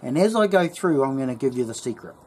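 A man's voice: mid-range voice, animated, fast talker, a little mellow, breathy edge. A man with a New Zealand accent telling a story and giving a casual how-to talk as a bushcraft channel host, rambling and chatty. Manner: rambling, lots of fillers and restarts, chatty.

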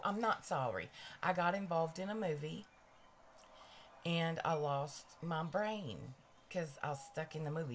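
Middle-aged woman, live-stream makeup host, chatty and effusive, lowish voice with lively swings. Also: a little hiss or hum. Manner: gushing, chatty, talks straight to viewers. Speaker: livestream host. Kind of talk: casual live-stream chat while doing makeup. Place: at home. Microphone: cabled mic near a ring light.

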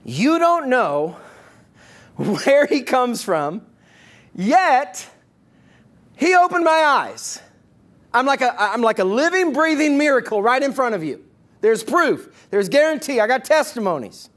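Once-blind man, snarky and bold, high pushy voice done by a pastor. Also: very animated, a little slow, pauses often, fairly bright tone, exaggerated voice. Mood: incredulous. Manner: bold, incredulous, rising emphasis. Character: sarcastic plain-spoken formerly blind man.

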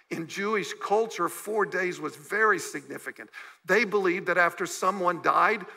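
A man's voice: high-pitched, gravelly, bright, forceful tone, low-quality recording. A man preaching a sermon as a guest pastor in a church, talking conversationally and acting out the emotional words of the people in his story. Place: church sanctuary.

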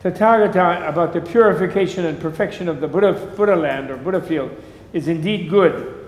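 A calm, ancient teacher gives measured instruction, read out by a lecturer. The voice is fairly high and rings in a large, echoey hall with a long tail. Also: male voice, close to an everyday voice.

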